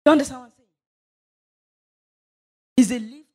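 A woman's voice: high-pitched, normal speed. A woman preaching a sermon, reading scripture and leading fervent prayer. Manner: fervent, rising into loud declarations during prayer.

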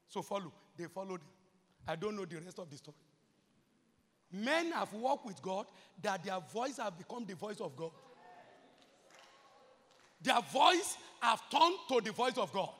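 A man's voice: high-pitched, lively intonation, moderate pace, a bit bright, big-room sound. A man preaching a sermon as pastor, impassioned and repetitive.

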